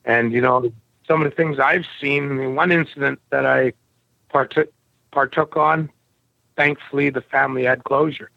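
A man from Canada, a podcast guest, telling stories bluntly with a rough edge. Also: mid-range voice, fairly even intonation, normal speed, bright, forceful tone, no echo, dull audio. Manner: blunt, rough-edged storyteller. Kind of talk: casual storytelling interview.

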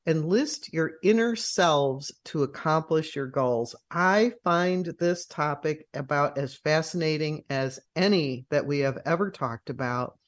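Co-host talking slow and careful, easy interview chat. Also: medium pitch. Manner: measured, deliberate. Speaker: radio co-host.

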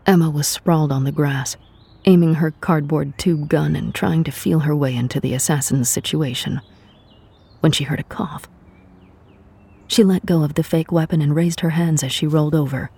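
A narrator reading a scripted audio drama in a steady storytelling voice, giving every character a voice. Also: medium pitch, moderate pace, gravelly, breathy edge.

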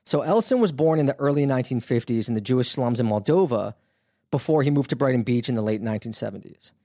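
A man narrates a true-crime story as a podcast host, chatty and animated with plenty of fillers. His voice sits in a middle pitch. The recording is dry and close. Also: quick pace, no room sound. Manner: animated, conversational with frequent fillers. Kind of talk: casual storytelling.

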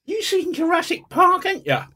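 A man's voice: extremely high pitch, huge pitch swings, moderate pace, pushed and bright, voice pushed up, full character voice. A man voicing a bossy, teasing woman producer with an Essex accent and a mocking drawl. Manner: mocking drawl, dropped endings.

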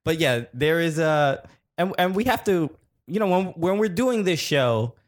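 A man co-hosting a soccer podcast in casual chat, laughing often and talking in halting, trailing phrases. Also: on the high side, lively intonation. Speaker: podcast co-host.

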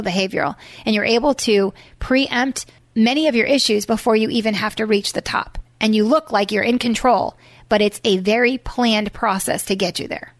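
A woman who is a parenting author and former teacher, explaining her ideas in an energetic, emphatic way on a podcast. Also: a little high, no room sound. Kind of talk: podcast interview.

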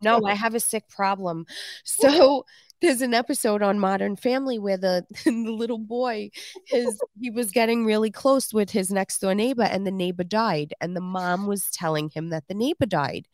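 A woman's voice: medium pitch, normal speed, no echo. A woman co-hosting a podcast in casual chat, laughing often as she talks. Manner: giggly, laughs often while talking. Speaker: podcast co-host.

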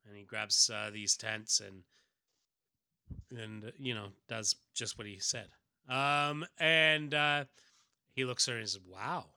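A man's voice: medium pitch, steady tone, slow, gravelly, pauses often, pushed and bright, clean tone, no room sound. A man hosting a podcast, narrating a comic casually with fillers like "uh" and "you know". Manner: narrates with frequent fillers and laughs. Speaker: podcast host reading a comic. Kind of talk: casual chat and read-aloud.

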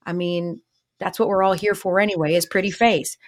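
A woman's voice: fairly low pitch, steady tone, fairly quick. A woman hosting a sports talk show, chatting casually and playfully teasing her co-host. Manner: playful teasing, acts out quoted voices.

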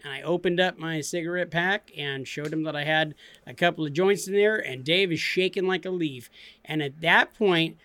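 A man's voice: fairly high pitch, moderate pace, bright, forceful tone, dry recording. A man in his forties, a podcast co-host, telling a story in a laid-back way and laughing often. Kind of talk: casual storytelling.

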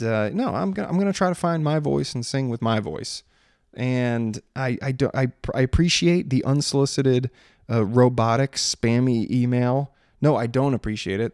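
A singer-songwriter in his thirties from Maryland rambles in casual chat, sarcastic about spam messages. His voice is medium-pitched and darkish, recorded dry with clean studio sound.

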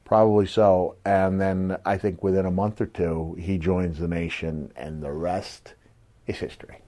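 A man's voice: low-pitched, fairly even intonation, measured pace, dark tone. A middle-aged man co-hosting a podcast, telling old stories in casual chat and laughing often as he goes. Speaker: podcast co-host, former wrestler.

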